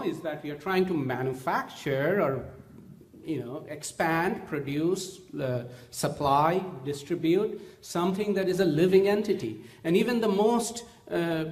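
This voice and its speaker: A man giving a scientific talk at a symposium, earnest and often halting with fillers and restarts. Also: a little high. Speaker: symposium speaker. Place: conference room. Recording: echoey conference hall.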